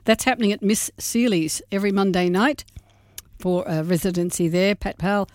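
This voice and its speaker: A woman's voice: mid-range voice, steady tone, moderate pace, no echo. A woman co-hosting a community radio show, chatty and rambling, reading out a gig guide. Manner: chatty, warm-hearted, rambling asides. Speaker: radio co-host. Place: radio studio.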